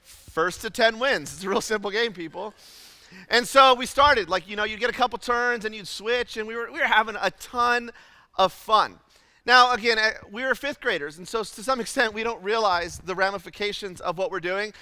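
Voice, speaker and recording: A man preaching a sermon as pastor, telling a childhood story in an animated, self-deprecating way with lots of fillers. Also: sits high, normal speed, no echo, long reverb tail. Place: church auditorium.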